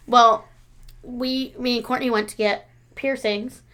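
A woman's voice: fairly high pitch, measured pace. A woman in her thirties co-hosting a casual podcast, telling stories and laughing through them. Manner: laughs through stories, animated when quoting. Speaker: podcast co-host. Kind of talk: casual chat, storytelling.

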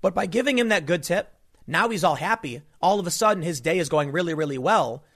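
A man's voice: fairly high pitch, lively intonation, brisk, a bit bright. Emphatic, indignant male commentator. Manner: emphatic, indignant, storytelling with many restarts. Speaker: political commentator. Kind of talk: opinion commentary monologue.

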